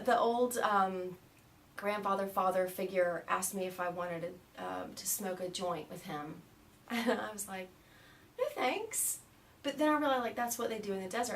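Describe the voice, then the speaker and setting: American woman, interview guest, animated storyteller who laughs easily and imitates voices. Middle pitch, mic a bit distant, faint noise behind.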